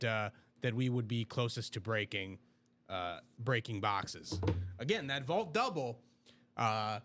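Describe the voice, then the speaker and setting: Male co-host, very lively pitch, casual explainer with uhs. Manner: lively, explanatory, with filler pauses. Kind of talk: casual sales chat.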